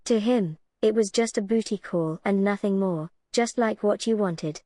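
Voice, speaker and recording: A woman's voice: medium pitch, normal speed, mellow, dry recording. Sarcastic woman commentator, dry voice. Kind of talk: reaction commentary voice-over.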